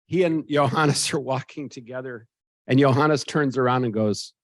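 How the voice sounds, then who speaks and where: Older american guy spinning a yarn, dry sound, mid pitch. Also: moderate pace, no echo. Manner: animated, acts out quoted voices. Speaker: interviewee. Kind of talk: storytelling anecdote.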